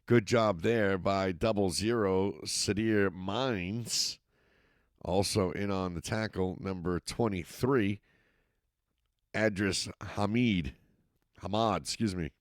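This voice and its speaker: Male play-by-play announcer, Massachusetts accent, low voice, dry close mic. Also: slow, no room sound. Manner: steady play-by-play, rising excitement on scoring plays. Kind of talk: youth football commentary.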